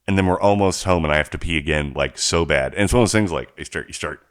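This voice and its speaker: A man with a deep, low voice tells stories on a casual podcast. He is animated, acts out the people he quotes and laughs between lines. The sound is dry and close. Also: fast, no echo. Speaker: podcast co-host. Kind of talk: casual chat, storytelling.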